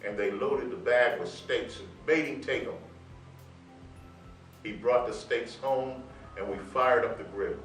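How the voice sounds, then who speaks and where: A man's voice: medium pitch, unhurried, long pauses. A man preaches a testimony, telling his story with quoted dialogue before building to bold scripture declarations. He is heard from a distance in a roomy church with music playing faintly underneath. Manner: storytelling, swelling to loud proclamation. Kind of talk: sermon testimony. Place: church sanctuary. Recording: roomy sound from far off with music.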